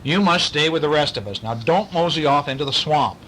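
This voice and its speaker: A man's voice: on the high side, animated, a little fast, a bit bright, a little hiss or hum, pitched above the performer's own voice, poor audio. A man voicing a bossy adult male scout leader with folksy cowboy talk, in a bedtime picture storybook.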